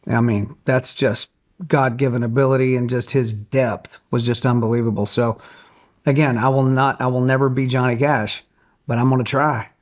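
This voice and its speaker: A middle-aged man with a drawl tells a story in an interview, slow and earnest. His voice sits at an ordinary pitch for a man. He brings the people in his stories to life as he talks. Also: little pitch movement. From Tennessee, USA. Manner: earnest storyteller, acts out quotes. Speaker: guest, country singer.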